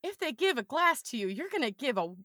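A woman's voice: high voice, sing-song, fast, sharp tone, no echo, studio quality. A woman chatting as a podcast guest, telling playful stories in a casual way. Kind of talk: casual chat.

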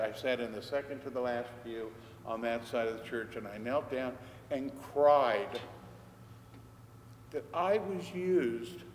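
Older priest preaching in an echoey hall. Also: male voice, fairly high pitch. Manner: conversational storyteller, acting out dialogue. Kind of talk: storytelling sermon. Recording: echoey church hall, faint background noise.

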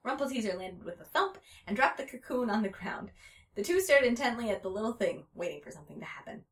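A woman reading a story aloud in a playful, giggly way, pausing to chat. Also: fairly high pitch, lively intonation.

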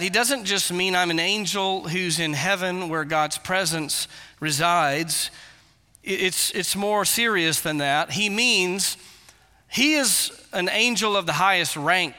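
A man's voice: sits high, bright, forceful tone, smooth, in a large hall. A male pastor preaching a sermon, earnest and explanatory, with emphatic repetitions.

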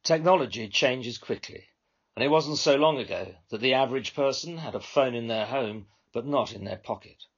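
A man, the author, reading his own short story aloud in a measured, conversational narration. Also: mid-range voice, breathy edge, lo-fi sound.

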